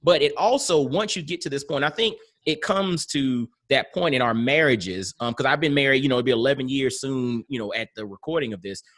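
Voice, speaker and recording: A man's voice: medium pitch, brisk, few pauses, a bit bright. Earnest, reflective man hosting a podcast. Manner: earnest and reflective, builds on analogies. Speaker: podcast host. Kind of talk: casual podcast interview.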